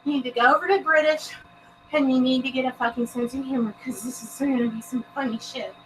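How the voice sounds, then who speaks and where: A woman's voice: high-pitched, fairly even intonation, quick pace, a bit bright, far from the mic, slight background noise, rough recording. A woman hosting a paranormal live stream, giggly and bubbly, who swears a lot and talks to her chat from home. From Texas. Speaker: paranormal show host.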